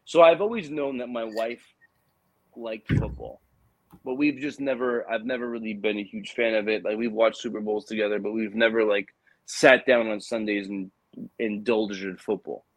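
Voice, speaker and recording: A man's voice: on the low side, normal speed, dry recording. Guy in his 30s rambling through a story, tons of "like" and "you know", dry close sound. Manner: animated storyteller, many fillers like "like" and "you know". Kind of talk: casual chat.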